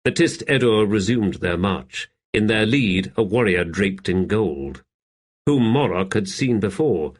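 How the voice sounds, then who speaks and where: A man narrating a fantasy audiobook in a steady, measured reading. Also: on the low side. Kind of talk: scripted narration.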